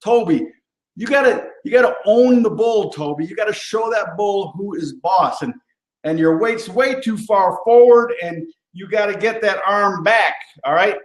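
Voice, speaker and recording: A man's voice: high voice, normal speed, pitched above the performer's own voice, close to an everyday voice. A man voicing a blustery cowboy bull-riding coach in a put-on rodeo drawl. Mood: bossy. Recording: roomy echo.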